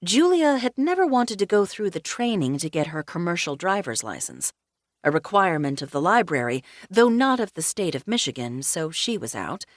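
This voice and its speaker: A woman narrating a cozy mystery audiobook in first person, with a wry, deadpan humor. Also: on the low side, moderate pace, dry recording, studio quality.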